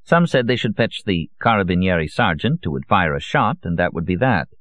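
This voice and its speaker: Male audiobook narrator, very low voice, dry dull recording, measured read. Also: very animated, fairly bright tone, no room sound. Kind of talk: scripted narration.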